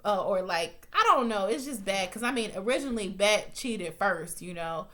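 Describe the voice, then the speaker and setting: A woman recapping a TV episode in loose, unscripted chat. She is blunt and swears freely, fills gaps with um and like, and her voice jumps up when an opinion gets her going. Her pitch sits in the middle range. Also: animated, moderate pace, a bit bright. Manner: chatty and blunt, swears freely, rants with rising heat, many fillers. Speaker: TV recap reviewer. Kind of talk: casual spoken episode recap.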